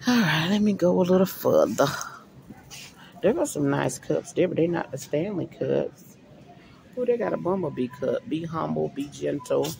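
Browsing a big store, this middle-aged vlogger thinks out loud to her viewers about what she might buy. Her voice sits low with a darkish tone and vocal fry, animated at a normal speed. The audio is poor, with a little hiss or hum beneath the store sounds.

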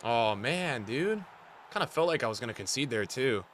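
Bright-voiced young male streamer. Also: medium pitch, very animated, moderate pace. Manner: frustrated, trash-talking, addresses chat. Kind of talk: live gameplay commentary.

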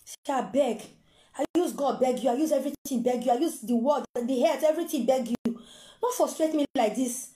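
A woman's voice: high voice, fairly quick, dark tone, reverberant, natural voice. A woman with a Nigerian Pidgin accent voicing a desperate woman who begs tearfully for her children. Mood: pleading. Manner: pleading, tearful.

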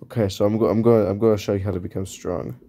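A man's voice: on the low side, fairly even intonation, racing, mellow, slight background noise. A man casually narrating as he draws, rambling and correcting himself in an offhand way. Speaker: video creator. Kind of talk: casual narration while drawing.

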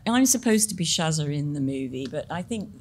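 A woman's voice: sits low, expressive, a little fast, darkish tone, a little hiss or hum. A middle-aged woman, a film director as interview guest, talking in a chatty, self-deprecating way and laughing often. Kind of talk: conversational Q&A interview.

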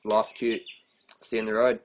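A man's voice: on the low side, little pitch movement, normal speed. An Australian man with an Australian accent rants casually to camera as a vegan activist. He laughs through his points and keeps dropping "man" and "you know". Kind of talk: casual ranting monologue.

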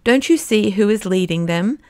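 An impatient, boisterous young male doctor from an audiobook, as a female narrator puts him on, blunt and hearty. He speaks higher and louder than the reader's plain narration, with a crisp, dry clarity. The manner is rough and cheerful. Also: lively intonation, moderate pace, no echo. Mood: gleeful.

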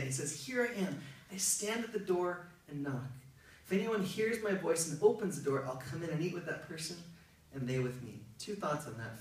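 A male pastor preaching a sermon in a conversational, emphatic way. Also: a little high. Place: church hall. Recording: very echoey, from far off, faint noise.

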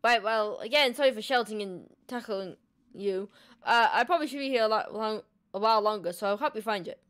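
A woman's voice: medium pitch, a little fast, fairly bright tone, clear, resonant tone, lightly acted. A woman voicing an awkward young man in a horror game who apologizes for scaring someone. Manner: sheepish, apologetic.

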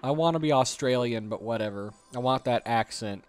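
A man's voice: medium pitch, a little fast, hardly any pauses, clean tone, dry recording. A man giving casual, jokey commentary while playing a video game, grumbling at the levels. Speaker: let's play host.

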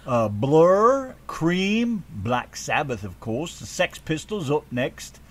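A man's voice: on the high side, big pitch swings, slow pace, noisy background. An American man co-hosting a casual radio show, joking, swearing freely and hamming up a mock British voice.

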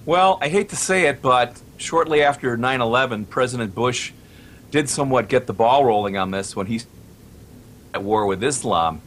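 A man who heads a radio station, speaking as a talk show guest in a measured, deliberate way. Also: medium pitch, a bit bright, slight background noise.

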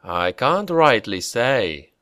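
A man voicing a calm ghostly old father. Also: mid-range voice, clean tone, no room sound, studio quality, exaggerated voice. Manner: slow, gentle, fatherly. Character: calm, ghostly older father smoking a pipe.

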